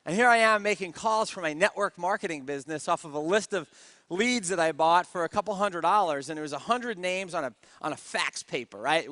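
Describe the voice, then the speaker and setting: A man with a high, ringing voice gives a motivational stage talk about network marketing. He tells his story with energy and keeps asking the room for answers. The sound is close and dry. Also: sharp tone, no echo.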